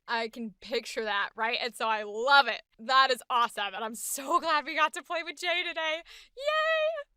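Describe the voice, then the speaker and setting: A young adult woman hosting a casual voice acting vlog, talking in an animated, enthusiastic way. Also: high voice, no echo, studio quality. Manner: animated, enthusiastic, filler-heavy talk. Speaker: voice actor and host.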